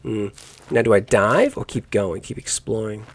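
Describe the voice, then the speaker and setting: A man's voice: lowish voice, animated, normal speed. A man giving let's play commentary on a game, musing aloud in rambling asides and correcting himself as he goes. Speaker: gaming YouTuber.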